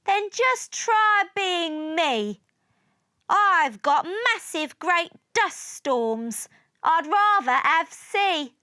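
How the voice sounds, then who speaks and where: A woman reading a storybook aloud, voicing Mars as a loud, boastful planet. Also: very high-pitched, very animated, very slow, no echo, clean studio sound, voice pushed up, exaggerated voice. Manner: shouting.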